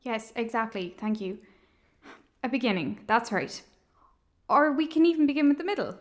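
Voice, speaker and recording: A woman voicing a lonely young woman who plans an opera, talking in a blunt, defensive way in an animated film. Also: a little high, moderate pace, close to an everyday voice.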